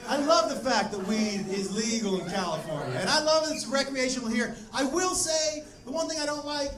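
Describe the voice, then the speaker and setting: A middle-aged man doing a stand-up comedy set, telling stories loudly and punchily with plenty of swearing. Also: very high voice, lively intonation, brisk, far from the mic, crowd noise. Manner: loud punchy storytelling with profanity. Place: comedy club stage. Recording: echoey stage recording with audience. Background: laughing audience.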